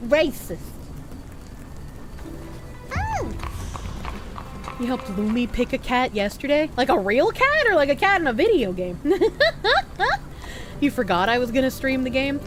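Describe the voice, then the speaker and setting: A playful woman streamer chatting with her viewers while she plays a game. Her voice is high and very animated, jumping all over. Faint game music sits in the background. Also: normal speed. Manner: playful, chatty, reacts to chat. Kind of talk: casual gameplay commentary.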